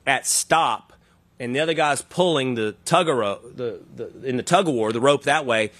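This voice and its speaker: A man hosting an interview, laying out his argument slowly with analogies and asking his guest to respond. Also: medium pitch, a bit bright, no echo. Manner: thoughtful, builds arguments with analogies. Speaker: podcast host. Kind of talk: conversational interview.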